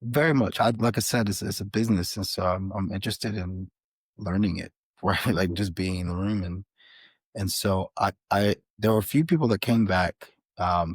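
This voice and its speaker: A man, a podcast guest, telling an animated story in a casual interview, with frequent restarts. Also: low voice, slightly rough, no room sound. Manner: animated, many restarts and fillers. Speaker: podcast guest, author and filmmaker.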